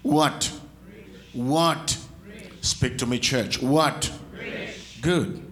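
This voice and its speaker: A man's voice: mid-range voice, extremely slow, long pauses, a bit bright. A man preaching a sermon in a church, calling out to the congregation and teasing them with playful asides. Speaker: pastor.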